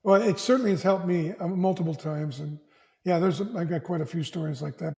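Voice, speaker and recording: A man speaks as an interview guest, with a higher pitch than most men and a warm, soft timbre. He tells stories with plenty of restarts and plays out the dialogue of the people in them. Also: fairly quick. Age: older. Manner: animated storyteller who acts out family dialogue, frequent restarts. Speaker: executive coach, podcast guest. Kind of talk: conversational interview storytelling.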